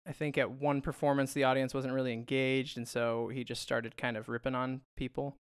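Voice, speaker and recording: A man's voice: medium pitch, flat delivery, a little fast, clean tone, no echo, clean studio sound. A man co-hosting a podcast in casual chat, talking in a loose, rambling way with frequent laughs and fillers. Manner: chatty, laughs often, trails off with fillers. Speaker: podcast co-host.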